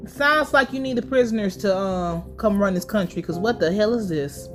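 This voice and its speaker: A woman's voice: medium pitch, moderate pace, a bit bright, faint music behind. A woman giving a casual, blunt and profane recap of a TV episode. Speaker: TV recap vlogger.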